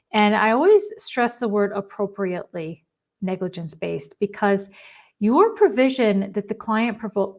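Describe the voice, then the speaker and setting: A woman giving a webinar presentation, explaining contract terms in an emphatic, practical way. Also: medium pitch. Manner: explanatory, emphatic, acts out client quotes. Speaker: risk management presenter.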